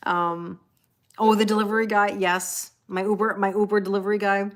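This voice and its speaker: A woman's voice: mid-range voice, little pitch movement, a little fast. Chatty woman tarot reader on a live stream. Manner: laughing often, chatty, reading out viewer comments.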